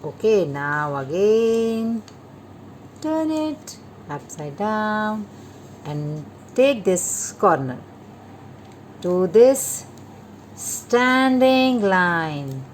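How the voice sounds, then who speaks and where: A woman calmly guiding children through a paper-folding craft step by step, repeating each instruction. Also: medium pitch, drawn-out words, pauses often, slight background noise. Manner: patient, repetitive instructions to children. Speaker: craft teacher.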